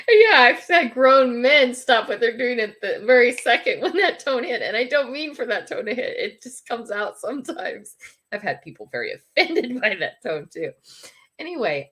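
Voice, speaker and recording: Chatty laughing grandma, high voice. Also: female voice, expressive, moderate pace, fairly bright tone. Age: older. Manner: chatty storyteller who laughs often; bossy grandmotherly tone. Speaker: livestream host. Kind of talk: casual livestream chat.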